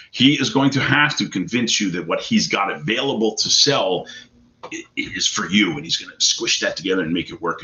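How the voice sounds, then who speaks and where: A man's voice: deep voice, bright, forceful tone, lo-fi sound. A middle-aged man hosting a casual question-and-answer show, blunt, profane and pushy like a salesman. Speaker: host of a hot tub advice show. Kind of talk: casual live Q&A talk.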